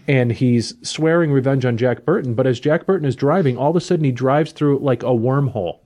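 Male podcast host, mid-range voice, enthusiastic, animated storyteller, casual chat. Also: medium pitch, a little fast.

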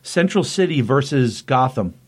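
A man's voice: medium pitch, expressive, normal speed, slightly rough. A man hosting a casual podcast, retelling a comic book plot with rambling enthusiasm and lots of fillers. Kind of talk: casual chat recapping a comic.

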